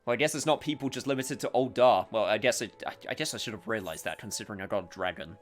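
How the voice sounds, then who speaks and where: A man's voice: lowish voice, fast, soft background music. A man streaming a game, chatting casually and reading its dialogue aloud. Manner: chatty, rambling with restarts.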